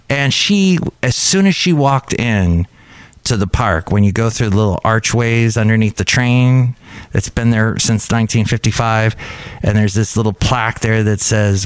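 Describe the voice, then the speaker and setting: A man's voice: normal speed, smooth, dry recording. Chatty man hosting a podcast. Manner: rambling, chatty, excitable jumps in pitch. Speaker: podcast host. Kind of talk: casual solo podcast chat. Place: cafe.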